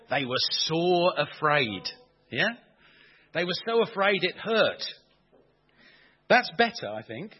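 A man preaching a sermon, animated and playful, asking the congregation questions as he explains. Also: on the high side, slightly rough, highs cut off.

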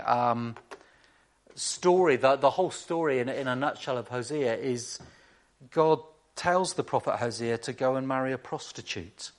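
A man preaching a sermon in a conversational way, with rhetorical questions and dry asides to the congregation. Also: a little high.

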